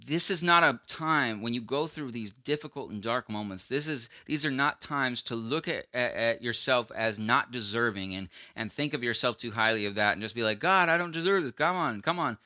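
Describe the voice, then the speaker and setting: A man's voice: mid-range voice, moderate pace, few pauses, bright, forceful tone, dry recording, clean studio sound. A man preaching an earnest, conversational sermon, often restarting his sentences. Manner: earnest, acts out quoted voices, frequent restarts.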